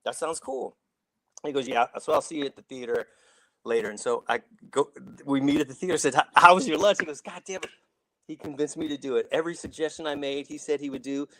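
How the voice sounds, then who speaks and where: Brief: middle-aged man, lively rambling raconteur, slightly high voice, dry close sound. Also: fast talker, dry recording, low-quality recording. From Saint Louis. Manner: animated, rambling with restarts, acts out quotes. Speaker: actor guest. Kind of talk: casual storytelling.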